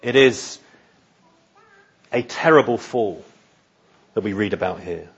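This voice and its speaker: Husky-voiced man preaching a measured sermon. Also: fairly low pitch, animated, muffled recording. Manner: measured, earnest, repeats words while thinking. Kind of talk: expository sermon.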